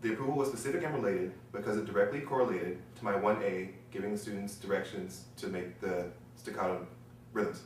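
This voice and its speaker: A man's voice: on the low side, fairly quick, slight background noise. A man from Florida, playing a choir director, explains a rhythm rule and then analyses his own teaching. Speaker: music education student playing a choir director. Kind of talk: role-played choir rehearsal with analysis. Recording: echoey room, voice from far off, faint ambience.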